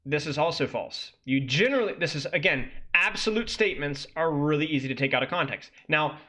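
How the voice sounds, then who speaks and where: Male streamer-coach, high-ish bright edge, exasperated critique of a guide. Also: expressive, brisk. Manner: exasperated, ranting critique with sudden incredulous outbursts.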